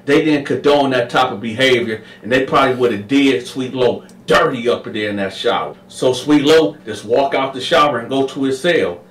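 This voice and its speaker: Brief: casual male storyteller, mid-pitched, slangy, roomy echo from off-mic. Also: moderate pace, few pauses, distant mic. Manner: slangy, addresses listeners as y'all. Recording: echoey room, away from the mic.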